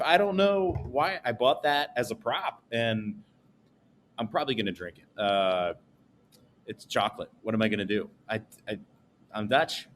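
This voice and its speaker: A man speaks with a lively, up-and-down voice, playing at being a pitchman in a jokey, playful way. His pitch sits in the middle, and a faint noise lies under the recording. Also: normal speed. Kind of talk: casual podcast chat with a mock ad read.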